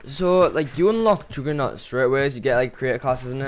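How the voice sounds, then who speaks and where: A man's voice: medium pitch, quick pace, a little hiss or hum. Exasperated young man ranting. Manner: exasperated, swearing, animated with sudden outbursts. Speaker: gaming commentator. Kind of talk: casual gameplay commentary rant.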